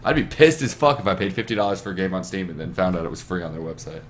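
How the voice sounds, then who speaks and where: A young man with a lowish voice hosts a gaming podcast over his webcam. He rambles and swears freely, leaning hard on his points. A faint hiss of room noise sits behind him. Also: lively intonation, racing. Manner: profane, rambling, emphatic. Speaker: podcast host. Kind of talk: casual chat. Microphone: webcam setup.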